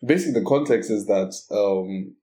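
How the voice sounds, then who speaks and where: A man chatting casually as a podcast guest, relaxed and hesitant, with many fillers. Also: on the low side, moderate pace. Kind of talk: casual chat.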